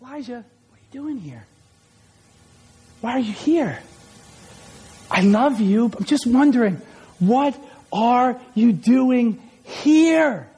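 A man's voice: extremely high pitch, normal speed, pauses often, a little mellow, slightly rough, heavily acted. A male preacher voicing God as a close, tender fatherly figure, speaking to a listener in a church. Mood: gently teasing.

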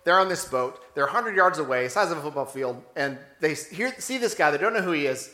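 High, bright-voiced man preaching a sermon. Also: a little fast. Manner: animated storytelling, acts out dialogue, rhetorical questions. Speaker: pastor. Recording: roomy echo.

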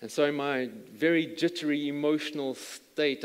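A man's voice: on the high side, normal speed, few pauses, clear, resonant tone. A man preaching a sermon as a pastor, telling a story earnestly and stumbling over repeated words. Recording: long reverb from a large hall.

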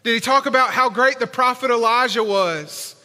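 A man preaching in a large church sanctuary. He is emphatic and colloquial and keeps asking rhetorical questions. His voice is high and bright and rings through a long reverb. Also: normal speed. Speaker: pastor. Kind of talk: sermon.

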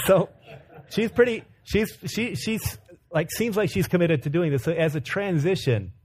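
Pastor, man in his thirties, slightly high-pitched, storytelling sermon style with self-deprecating humor. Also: darkish tone. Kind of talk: sermon with a family anecdote.

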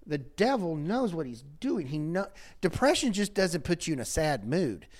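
A man who works as a counselor, hosting a talk show discussion in an animated way, laughing often and repeating words as he starts his sentences. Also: a little high, moderate pace. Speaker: counselor and host.

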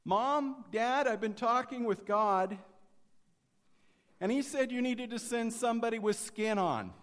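A man voicing a frightened little girl who calls loudly to her parents. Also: a little slow, in a large hall. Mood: pleading. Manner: high, loud calling out.

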